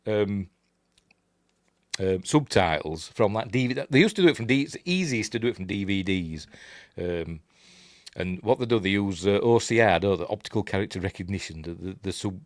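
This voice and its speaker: A man's voice: sits low, no room sound, studio quality. Chatty Yorkshire man rambling over a film. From Yorkshire, England. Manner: chatty, self-deprecating, muttering asides. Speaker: film reviewer. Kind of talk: casual rambling film commentary.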